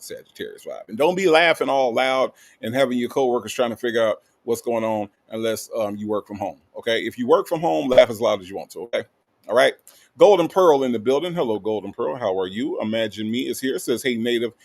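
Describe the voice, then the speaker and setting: Gravelly-voiced man hosting a live stream. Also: medium pitch. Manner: reads viewer comments aloud and greets each one playfully. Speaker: livestream host. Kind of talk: casual live-stream chat.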